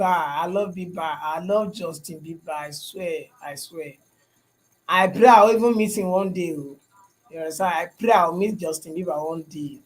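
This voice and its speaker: A man's voice: sits high, rough recording. A young Nigerian man with a Nigerian English and Pidgin accent, chatting casually with viewers on a livestream and often repeating himself and asking "you understand?". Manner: repetitive, asks "you understand?". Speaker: livestream host.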